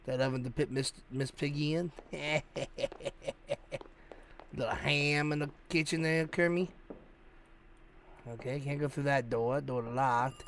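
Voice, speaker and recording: A man's voice: fairly high pitch, steady tone, measured pace, long pauses, fairly bright tone, a little hiss or hum. A man hosting a gaming channel, giving hyped, slangy, joking commentary while he plays a horror game. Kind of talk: let's-play commentary.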